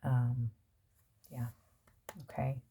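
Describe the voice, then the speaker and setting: A woman's voice: a bass voice, flat delivery, extremely slow, dark tone, slightly rough. A woman giving a casual tarot reading, musing aloud and trailing off with fillers as she turns over cards. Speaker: tarot reader.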